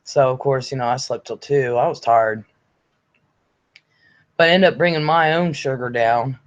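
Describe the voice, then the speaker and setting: A man's voice: mid-range voice, moderate pace. Older man chatting on a lo-fi livestream. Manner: chatty, blunt, swears freely. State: recovering from illness, congested. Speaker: livestream host. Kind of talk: casual livestream chat, reading viewer comments aloud. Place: at home. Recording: slightly dull lo-fi audio.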